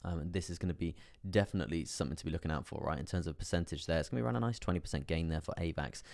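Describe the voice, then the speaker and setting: A man's voice: sits low, racing, gravelly, darkish tone, no echo, studio quality. A man hosting a live trading stream, chatting casually with many fillers as he reads out chart analysis. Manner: chatty, filler-heavy, laughs often while reading chat.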